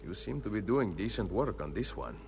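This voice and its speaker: An actor playing a curt, confident Renaissance assassin. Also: male voice, lowish voice, big pitch swings, brisk, vocal fry, a little mellow, a little hiss or hum. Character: male Renaissance assassin, terse and self-assured.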